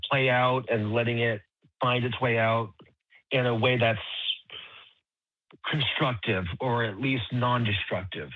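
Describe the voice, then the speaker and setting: A mid-pitched man talks in a calm, reflective way on a casual show. His audio is dry and a little dull. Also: a little slow, pauses often, no room sound. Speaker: co-host. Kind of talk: casual panel discussion.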